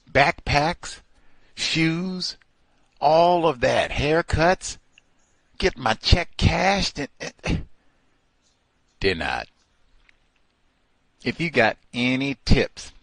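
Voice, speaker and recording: A man hosting a call-in radio show, talking in a slow, deliberate and emphatic way. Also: on the high side, vocal fry, fairly bright tone, dry recording.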